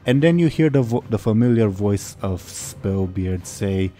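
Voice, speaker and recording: A man's voice: fairly low pitch, expressive, measured pace, dark tone, slight background noise. A man narrating as game master of a tabletop game, casual and full of fillers. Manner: casual, with many fillers and laughs.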